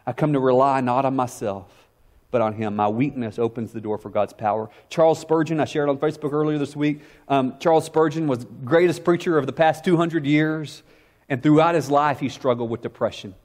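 A middle-aged pastor delivering a sermon in a voice of ordinary pitch for a man. He stumbles over repeated words when he gets fired up, then drops to a hushed, intimate tone. The delivery is earnest and direct. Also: fairly quick.

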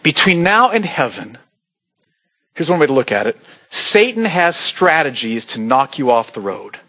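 A man preaching a sermon as pastor, earnest and pleading, with sudden animated bursts. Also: fairly high pitch, moderate pace, lo-fi sound. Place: church sanctuary.

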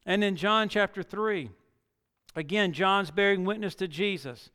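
Pastor guy preaching in a church, smooth fairly high voice, big hall reverb. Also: measured pace, sharp tone. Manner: preaching with dramatic scripture reading, building to emphatic peaks. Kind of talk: sermon. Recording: long reverb of a large hall.

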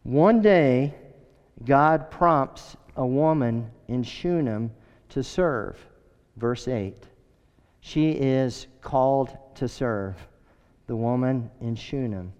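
A middle-aged man preaching a sermon with earnest, emphatic storytelling and a smooth, resonant voice. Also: mid-range voice, very slow, a little mellow. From United States. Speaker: pastor. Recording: echoey hall, dull sound.

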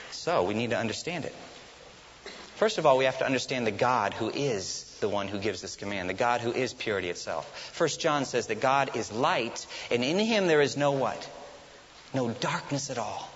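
Lively preacher in an echoing hall. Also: male voice, mid-range voice. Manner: asks the congregation questions and answers them himself. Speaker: pastor. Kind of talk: sermon. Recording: lo-fi hissy recording in a reverberant hall.

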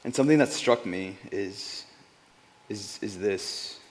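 A man with a fairly low, slow voice delivers an informal Bible devotional. He's earnest and conversational, often repeating words and growing quiet at emotional moments.

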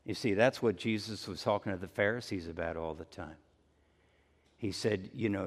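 A male pastor preaching a conversational sermon, acting out everyday apologies in lively asides. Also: low voice, moderate pace, long reverb tail. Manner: conversational, acts out everyday apologies with rising energy.

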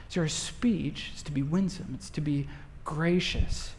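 A man's voice: on the high side, unhurried, long reverb tail, a little hiss or hum. A male pastor preaching a sermon in a conversational way, full of rhetorical questions.

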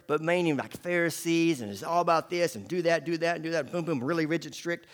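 A man preaching a sermon, swinging from hushed asides to loud, emphatic declarations. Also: sits high. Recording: long hall reverb.

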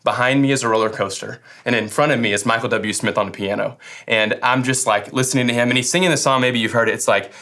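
A man's voice: medium pitch, steady tone, fast, bright, forceful tone. Casual young man preaching a sermon. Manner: casual, joking, hesitant restarts. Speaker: pastor.

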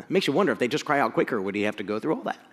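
A man preaching a sermon, energetic and jokey, swinging from loud excitement to hushed lines. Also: mid-range voice, racing, in a large hall. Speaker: pastor.

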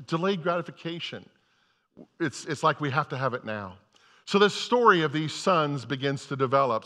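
A man's voice: a little high, pushed and bright. A male pastor giving a conversational sermon, often repeating words and restarting sentences as he talks. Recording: long hall reverb.

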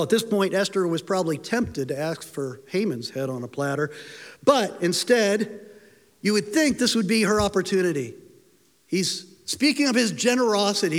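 Man, preacher, high voice, storytelling sermon, long hall reverb. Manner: storytelling, voices quoted lines with rising pitch.

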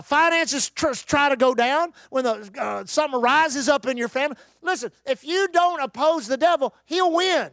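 A man's voice: very high-pitched, fairly bright tone, dry recording, clean studio sound. A man preaching a sermon, emphatic and calling on the congregation to answer back. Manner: emphatic, calls for congregation response.

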